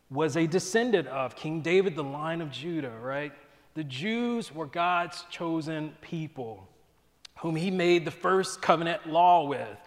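Casual, animated male preacher in a reverberant hall. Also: a little high. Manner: casual and animated, often asks "right?". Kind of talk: conversational Bible teaching.

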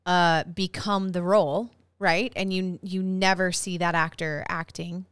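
A woman's voice: lowish voice, steady tone, measured pace, fairly bright tone, smooth, no room sound. A woman co-hosting a podcast, chatting casually, teasing and laughing often. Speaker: podcast co-host. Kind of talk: casual chat.

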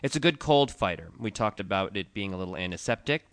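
A man's voice: fairly low pitch, lively intonation, fast, a bit bright, no echo. A man co-hosting a casual podcast chat, steadily explaining the uses of an herbal tea and listing its properties. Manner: explanatory, lists facts steadily. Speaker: podcast co-host, tea shop owner.

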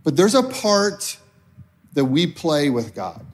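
A middle-aged man preaching a sermon in a conversational way, voicing worried prayers as he goes. His voice sits high, and he takes his time over the words. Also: huge pitch swings, slow pace. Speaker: pastor.

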